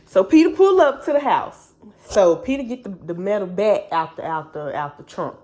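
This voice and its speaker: A woman recapping a book for her viewers in loose, chatty slang. Her pitch swings widely as she tells the story. She keeps things casual and animated. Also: moderate pace. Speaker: book reviewer.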